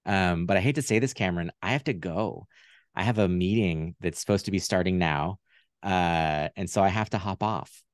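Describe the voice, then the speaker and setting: Male guest, low voice, dry sound, relaxed and rambling on a video call. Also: normal speed, dry recording. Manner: relaxed, rambling, many fillers. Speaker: puppeteer guest. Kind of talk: casual interview chat. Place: home room via video call.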